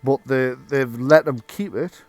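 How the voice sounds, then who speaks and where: A man's voice: medium pitch, a little slow, darkish tone, no echo, faint music behind. A man, narrating as game master in a loose, chatty way.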